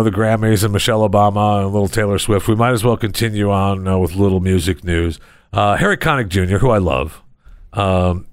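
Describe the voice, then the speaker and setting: A man's voice: on the low side, no room sound, studio quality. Rambling man hosting a show. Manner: rambling, joking storyteller. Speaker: radio show host. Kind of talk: casual chat.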